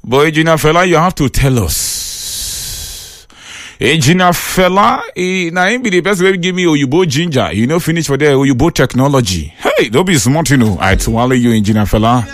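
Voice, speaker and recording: Lively Nigerian Pidgin radio host, a man. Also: fairly high pitch, normal speed, no echo, studio quality. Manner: exclamatory, laughing, reads listener messages. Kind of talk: call-in radio chat in Pidgin.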